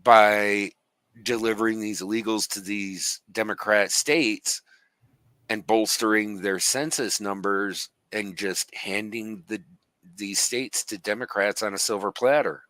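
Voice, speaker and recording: A man hosting a casual reaction chat, animated as he lays out his arguments. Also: fairly low pitch, unhurried, no room sound. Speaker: host.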